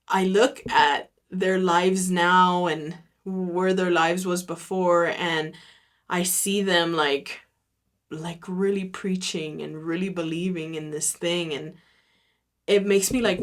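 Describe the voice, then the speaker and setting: Slow-talking candid woman podcaster. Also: on the low side. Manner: candid and unfiltered, leans heavily on "like"; reflective, talks through her thoughts aloud. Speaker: podcast host. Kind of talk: casual solo podcast monologue.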